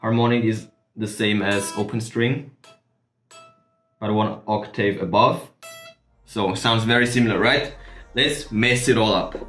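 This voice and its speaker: A man giving a relaxed, chatty guitar setup tutorial at home. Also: fairly low pitch, measured pace, long pauses, roomy sound. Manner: relaxed, chatty, laughs at himself. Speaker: guitar vlogger. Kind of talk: casual tutorial.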